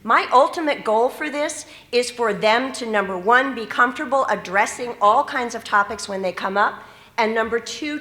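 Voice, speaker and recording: A middle-aged woman who trains teachers gives an earnest conference presentation in a conference hall, asking the audience questions. Her voice is fairly high and sharp in tone, and the room sounds echoey.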